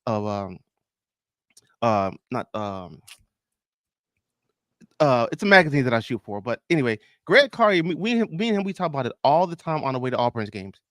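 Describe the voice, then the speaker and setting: A man hosting a casual sports podcast, talking in an animated way, exclaiming and restarting often. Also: mid-range voice, moderate pace, pauses often, dry recording, studio quality. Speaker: podcast host.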